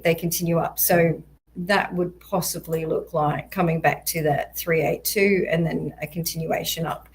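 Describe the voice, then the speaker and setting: A woman with a lowish voice and an unhurried pace, talking through market charts. She explains things steadily, pausing on fillers, and her voice is turning a little hoarse. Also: rough recording. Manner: measured, explanatory, frequent ums. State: voice going hoarse, occasional coughs. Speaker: crypto market analyst. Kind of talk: chart analysis walkthrough.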